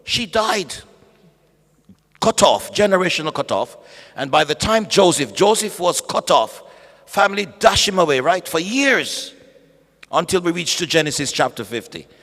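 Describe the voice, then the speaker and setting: A man preaching at a bible study, animated, calling out to the congregation and acting out voices. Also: a little high, normal speed. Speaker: pastor. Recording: echoey hall.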